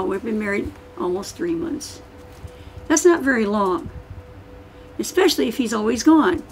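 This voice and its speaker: On a rough recording, an older woman author with a fairly high voice gives a book-signing talk. She speaks to the audience casually and emphatically, rambling and restarting as she goes.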